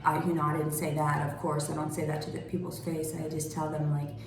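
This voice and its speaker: A woman ranting in a vlog, sarcastic and mocking, swearing and swinging between high taunts and low mutters. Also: level tone, a little fast, noisy background. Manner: sarcastic, mocking, calls the listener "honey". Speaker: vlogger. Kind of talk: angry vlog rant. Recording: very echoey room.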